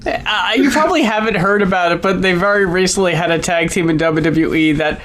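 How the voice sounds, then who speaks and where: A podcast co-host in a casual album review chat, reacting with short groans and slow asides. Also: medium pitch. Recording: loud background noise.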